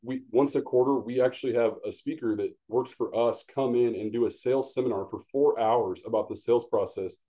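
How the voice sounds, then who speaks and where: A man's voice: mid-range voice, brisk, hardly any pauses, warm tone. A man, a sales manager talking bluntly and animatedly as a podcast guest, acting out quotes as he tells stories. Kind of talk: casual podcast conversation.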